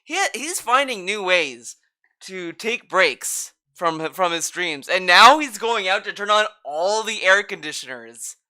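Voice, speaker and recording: A man's voice: high-pitched, lively intonation, a little slow, bright, forceful tone. A man reacting to a stream clip, mocking and sarcastic, swearing freely as he comments.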